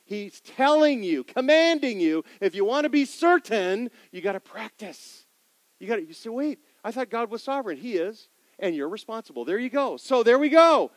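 Animated man preaching, somewhat high voice. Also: normal speed, no room sound, poor audio. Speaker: pastor. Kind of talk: sermon.

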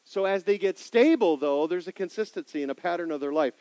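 A middle-aged man preaching in a church sanctuary, asking the congregation questions and swinging between loud emphasis and quiet asides. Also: high-pitched, lively intonation, a little fast, no echo, low-quality recording. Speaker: pastor. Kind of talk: sermon.

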